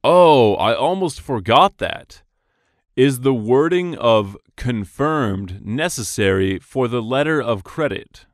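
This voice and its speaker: Male reader for lesson dialogues: slow, clearly enunciated, lively intonation, dry studio sound. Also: mid-range voice, no room sound. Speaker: dialogue reader for English practice. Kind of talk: scripted business dialogue reading.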